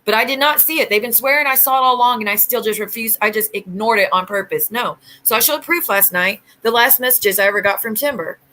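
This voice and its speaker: Bright-voiced woman ranting on stream. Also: a little high, fast, hardly any pauses, poor audio. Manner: aggrieved, rambling storytelling with quoted exchanges. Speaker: YouTube livestream host. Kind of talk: casual ranting livestream talk.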